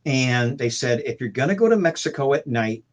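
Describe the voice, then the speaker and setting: A man's voice: medium pitch, animated, moderate pace. A man on a video call, telling rambling anecdotes about his band days in casual chat, full of restarts and fillers. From St. Louis. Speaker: guest musician.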